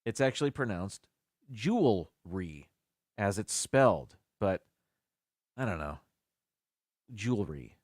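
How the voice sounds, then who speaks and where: A man's voice: on the low side, expressive, normal speed, no echo, studio quality. A man hosting a casual live stream by himself, chatting as he thinks aloud. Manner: chatty, muses aloud about word pronunciations.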